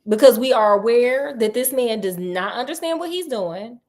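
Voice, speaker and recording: A woman with a bright, high voice retells a children's story in a loose, conversational way. She breaks off into sassy asides and laughs as she goes. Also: lively intonation, moderate pace. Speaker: storyteller host.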